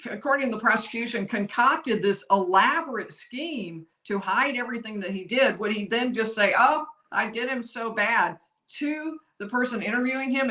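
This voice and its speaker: A woman with a drawl talks through a court case live, chatty and quick to laugh. Her voice is bright and forceful, and it rings in a roomy space. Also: fairly high pitch. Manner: chatty, apologetic about tech slips, laughs easily. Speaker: lawyer commentator. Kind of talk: live-stream legal commentary. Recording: roomy echo.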